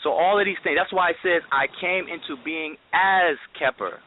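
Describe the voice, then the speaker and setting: A man on a phone call in a heated debate, explaining his point with emphasis, halting and repeating words. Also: a little high. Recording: tinny phone line.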